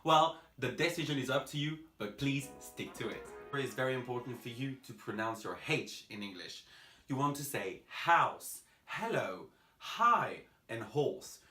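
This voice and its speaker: A young man from France, teaching English pronunciation to camera, emphatic and spelling out sounds slowly. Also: mid-range voice, a bit bright, echoey room, faint music behind.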